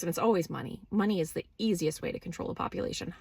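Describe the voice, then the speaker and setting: This spiritual vlogger talks to camera from her car, recorded on a phone or camera with no external mic, yet the sound is dry and clean like a studio. Her voice is lowish and husky with vocal fry, quick and nearly pauseless, blunt and freely swearing as she questions herself.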